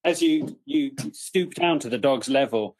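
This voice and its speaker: A man's voice: mid-range voice, measured pace, a little mellow. Man narrating as game master. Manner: vivid, joking narration. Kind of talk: improvised tabletop game narration.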